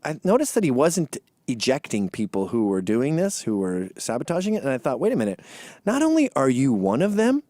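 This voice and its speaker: A man's voice: medium pitch, a little fast, no room sound, studio quality. A man telling a profane, mocking story about a disrupted talk and imitating his hecklers. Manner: animated, mocking, mimics chants. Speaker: commentator.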